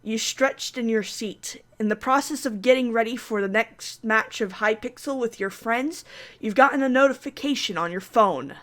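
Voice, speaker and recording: A woman's voice: fairly high pitch, normal speed. A young woman playing a story game, reading it aloud and making chatty, self-mocking comments. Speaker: gamer.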